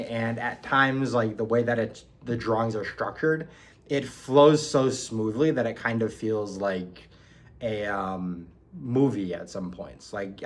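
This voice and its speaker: Slow, low-voiced young man, hesitant. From New York. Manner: hesitant, many ums and restarts. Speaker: book reviewer. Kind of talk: casual personal storytelling.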